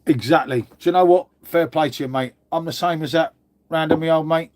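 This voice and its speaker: An Englishman with a slightly higher voice than most men chats casually on a livestream, answering viewers as he goes. He's blunt, swears freely and drops "mate" into nearly every sentence. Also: brisk, darkish tone. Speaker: livestream host.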